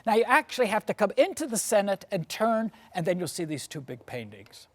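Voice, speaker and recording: A woman's voice: mid-range voice, sing-song, a little fast. A woman lecturer and tour guide telling history as a story, posing questions to her audience and often adding "you see".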